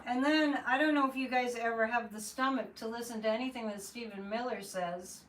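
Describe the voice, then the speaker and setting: Speaking briskly in a slightly high, steady voice, a psychic livestream host chats loosely and with some exasperation, replying to viewer comments as she goes. She's captured by a distant mic with a faint hum of room noise.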